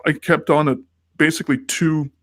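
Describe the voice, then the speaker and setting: A man's voice: a little high, fairly even intonation, moderate pace, a bit bright, no echo, clean studio sound. A man co-hosting a podcast in casual chat, telling a rambling story and acting out the quoted lines of the people in it. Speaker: podcast co-host.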